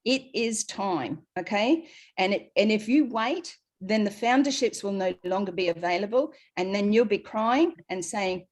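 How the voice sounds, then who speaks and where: A woman with an Australian accent giving an urgent, emphatic pitch in a live online business presentation. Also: normal speed.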